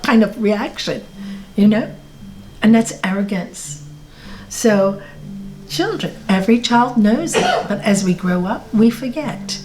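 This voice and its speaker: A woman's voice: mid-range voice, lively intonation, a little slow, a little mellow, a little hiss or hum. A woman giving a spiritual talk to a live audience in a yoga centre, speaking directly, repeating words for emphasis and asking the audience questions. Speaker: spiritual teacher.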